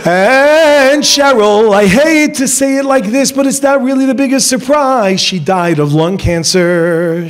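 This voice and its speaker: A middle-aged man lecturing as a rabbi to a room of young students, joking, telling stories and acting out quotes with big swings in his voice. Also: fairly high pitch. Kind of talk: animated seminar talk to young students.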